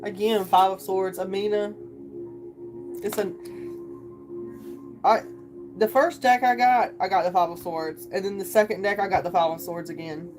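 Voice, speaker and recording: A woman's voice: mid-range voice, steady tone, moderate pace, pauses often. A woman hosting a live tarot reading stream, chatting casually and rambling to her viewers. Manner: chatty, rambling, addresses viewers as you guys. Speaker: tarot reader livestream host. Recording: singing bowl music playing behind.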